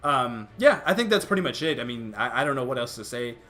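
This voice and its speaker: Lively young man chatting casually. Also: mid-range voice, fast talker, faint music behind. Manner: animated, restarts often, laughs between points. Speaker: youtube host. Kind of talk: casual chat.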